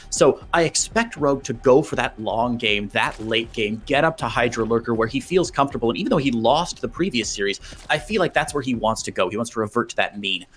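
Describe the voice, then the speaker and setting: A man doing live esports commentary with excitable, jokey banter. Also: mid-range voice.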